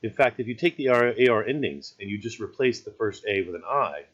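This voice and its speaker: A man's voice: fairly low pitch, expressive, brisk, hardly any pauses, a bit bright, dull audio. A man teaching a recorded grammar lesson in an easygoing, explanatory way, often checking in with "right?".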